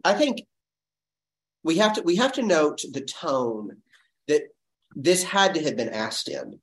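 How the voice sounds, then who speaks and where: Casting: male study leader, slightly high voice, lively and searching, distant echoey room. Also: measured pace. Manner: animated, thinks aloud with restarts and rhetorical questions. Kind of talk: teaching a group Bible study.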